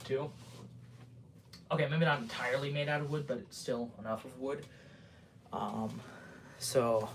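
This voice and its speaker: A man's voice: medium pitch, a little hiss or hum. A young man chatting casually on a livestream, rambling with lots of ums and restarts while he shows off a model he built at his workbench. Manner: rambling, full of ums and restarts, fast talker. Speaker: livestream host.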